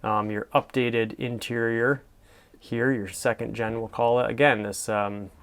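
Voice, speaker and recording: A man's voice: medium pitch, little pitch movement, measured pace, smooth. A man hosting a casual show where he comments on classified ads, talking in an admiring, rambling way with many fillers. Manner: soft-spoken sleep-friendly delivery. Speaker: host.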